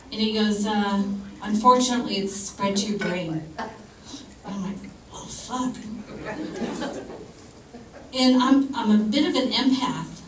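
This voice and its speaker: A woman performing a stand-up comedy set, telling a personal story in a blunt, conversational way with dark humor and the occasional swear word. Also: mid-range voice. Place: comedy club stage. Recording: roomy club sound from far off with audience noise.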